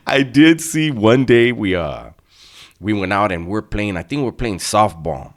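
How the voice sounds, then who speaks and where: A middle-aged man with a very low voice. He tells a story in a laid-back, streetwise way, heavy on slang and swearing. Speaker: channel host telling prison stories. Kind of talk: casual storytelling to viewers.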